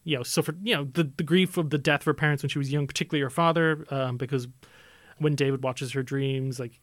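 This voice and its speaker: A man's voice: medium pitch, fairly even intonation, fast talker, dry recording. A young adult man co-hosting a podcast, talking through a film in a casual, analytical way with many filler phrases. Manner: chatty, analytical, many "you know" fillers. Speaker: podcast co-host.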